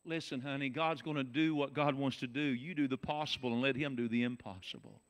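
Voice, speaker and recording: A man with a Southern US accent, preaching a folksy sermon as pastor, dropping from loud shouts to soft, low talk. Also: fairly quick.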